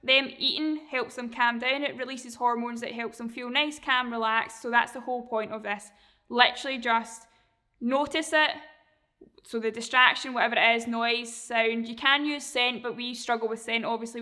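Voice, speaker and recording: A woman dog trainer explaining a training method in a relaxed, chatty way, sometimes acting out how a dog reacts. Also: fairly high pitch, smooth. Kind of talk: casual instruction.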